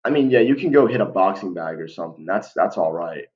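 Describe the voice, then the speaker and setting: A young male vlogger talks casually to the camera, giving life advice in a low voice with lively intonation, a quick pace and a darkish tone. He rambles in slang, piles on fillers and restarts, and keeps calling the listener "bro." The recording is dull and lo-fi.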